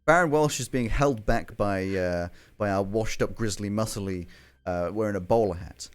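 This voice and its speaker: A man's voice: lowish voice, normal speed, smooth. A man narrating a tabletop game as game master, playful and chuckling.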